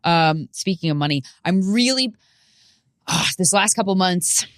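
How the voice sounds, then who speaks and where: A woman hosting her own podcast, talking alone in a rambling, profane comedic monologue with sudden loud outbursts. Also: on the low side, measured pace, no room sound, clean studio sound. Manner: profane, rambling, animated with sudden shouted bits. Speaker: podcast host and stand-up comedian.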